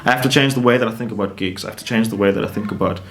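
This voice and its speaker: A young man, a musician, telling his story casually as an interview guest in a rambling, animated way, often starting over and climbing in pitch for emphasis. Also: very fast. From South Africa.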